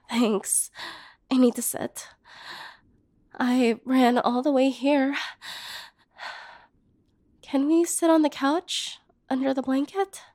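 A young woman with a high, slow-paced voice speaks directly to the listener in a role-play monologue. Her tone is hurt and bitter, flaring into anger and sinking into hushed whispers. The sound is dry and close, with no room around it. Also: no room sound. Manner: hurt and bitter, swinging between angry outbursts and soft whispers.

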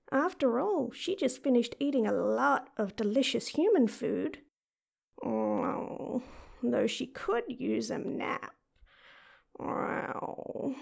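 A woman's voice: high-pitched, gravelly, heavily acted. A woman voicing a playful female house cat in a young woman's body, in an audio role-play addressed to the listener. The cat speaks of herself in the third person and meows often.

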